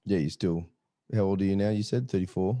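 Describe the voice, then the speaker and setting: A man's voice: deep voice, a little fast, mellow, a little hiss or hum. A man hosting a podcast, asking the guest questions in a casual chat with short back-channel replies. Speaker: podcast host.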